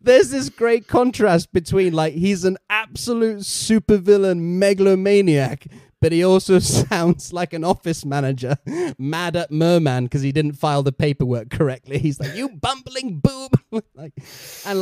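A man with a high voice hosts a casual podcast chat on a dry, close mic. He chuckles often as he talks. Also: moderate pace, hardly any pauses, a little mellow, dry recording. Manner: chuckling, quotes cartoon villains. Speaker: podcast host.

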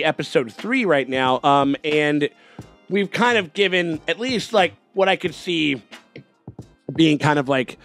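A man's voice: a little high, a bit bright. A man hosting a reaction show from home, chatting casually in a rambling way with restarts and swearing. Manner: upbeat greeting. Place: home setup.

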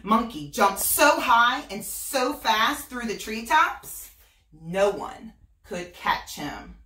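A woman teacher reading a picture book aloud to her students, gentle and encouraging. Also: fairly high pitch, lively intonation, slow, slight background noise. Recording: roomy, voice from a distance.

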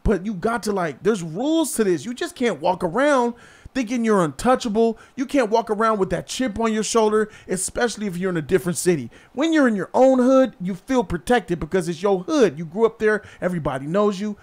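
Blunt high-voiced man lecturing. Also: expressive, fairly quick. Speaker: vlog host. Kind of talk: casual street commentary. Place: outdoors in a city.

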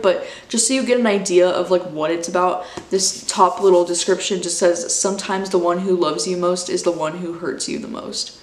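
A woman's voice: lowish voice, fairly even intonation, normal speed, few pauses, reverberant. A woman in her twenties chatting casually as a book vlogger, gushing and emotional, full of "like" and "dude". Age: 20s. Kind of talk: casual chat.

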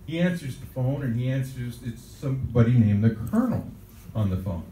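A man's voice: medium pitch, animated, normal speed, dark tone, slight background noise. An older man recounting a childhood anecdote in a rambling, chuckling way, with his words tumbling out in starts and restarts. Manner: rambling storyteller, chuckles often. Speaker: interviewee. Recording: roomy, distant mic, faint ambience.

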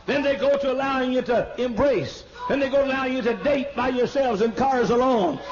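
An older man preaching a sermon in a church, emphatic, stammering into repeats and rising to sudden shouts. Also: very high-pitched, a little fast. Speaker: pastor. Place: large church auditorium. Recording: dull lo-fi archival sermon tape.

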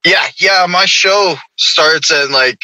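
A man guesting on a podcast, talking in a laid-back, halting way. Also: sits high, bright, forceful tone, no echo, poor audio. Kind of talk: casual podcast chat.

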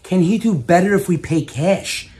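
A man's voice: sits high, moderate pace, darkish tone. A man performing a casual comedy sketch, often exasperated.

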